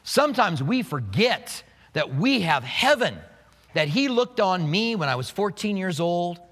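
Man, pastor, sermon, high voice, animated delivery, echoing church hall. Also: unhurried. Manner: animated, acts out scenes with quoted voices.

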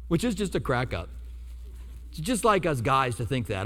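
Preaching a sermon in a church, this male pastor has a high voice and talks fast, telling stories with humor and acting out quotes. He's an animated storyteller, and the recording carries a long hall reverb.

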